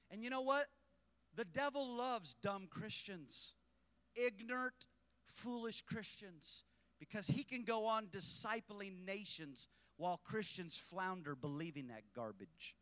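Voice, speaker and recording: Fiery male preacher, high, crisp voice, dry close sound, builds to shouted emphasis. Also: lively intonation, unhurried. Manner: impassioned, rising to shouted emphasis; mocking, blunt. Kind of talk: fiery sermon. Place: church service.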